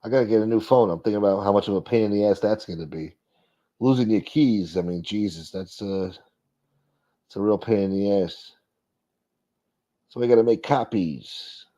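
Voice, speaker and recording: Speaking at a moderate pace with long pauses, the man reads his chat and quietly talks back to it in a warm tone. It's a laid-back stream captured in dull, low-fidelity audio.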